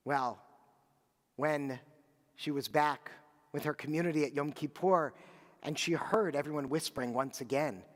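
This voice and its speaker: A man's voice: on the high side, unhurried, pauses often, in a large hall. Man telling a story from the bimah. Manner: animated storyteller with asides to children. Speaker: clergy leading Shabbat services. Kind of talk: storytelling sermon and liturgy.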